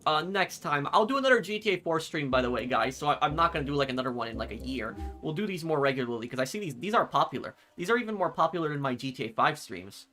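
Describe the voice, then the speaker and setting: A man's voice: a little high, lively intonation, fast talker, hardly any pauses, pushed and bright. A man with a faint New York accent chatting casually while streaming gameplay, reacting aloud to the game as he plays. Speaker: gaming streamer. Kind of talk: live gameplay commentary.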